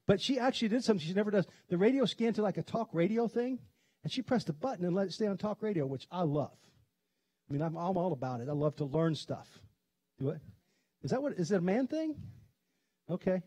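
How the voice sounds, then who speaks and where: A middle-aged pastor from Kentucky preaching a sermon, telling stories in a chatty way and laughing often. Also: male voice, high-pitched, sing-song, warm tone, dry recording. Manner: conversational storytelling, quick to laugh. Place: church sanctuary.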